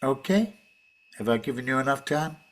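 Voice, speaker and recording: A man leading a teacher-training workshop, explaining in a measured way with frequent fillers and restarts. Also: mid-range voice, lively intonation. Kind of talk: online workshop talk.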